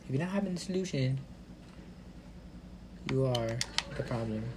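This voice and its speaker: A man's voice: mid-range voice, expressive, moderate pace, a little mellow, a little hiss or hum. A young man talking over his own online match, ranting and swearing at his teammates in frustration. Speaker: gamer. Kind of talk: live gameplay commentary.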